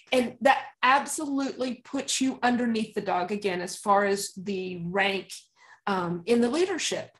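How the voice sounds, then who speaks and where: A woman dog trainer speaking as an interview guest, calm and emphatic, often laughing and acting out commands she gives to dogs. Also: a little high. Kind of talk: conversational interview.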